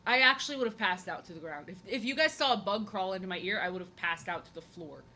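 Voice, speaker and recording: A woman's voice: medium pitch, fast, pushed and bright, a little hiss or hum, low-quality recording. A young woman chatting casually and playfully while drawing on a live stream, rambling and repeating her phrases.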